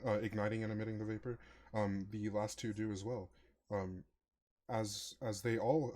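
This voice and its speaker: A man narrating as game master of a tabletop game, talking with many pauses and fillers. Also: fairly low pitch, mellow. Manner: hesitant, many ums and uhs.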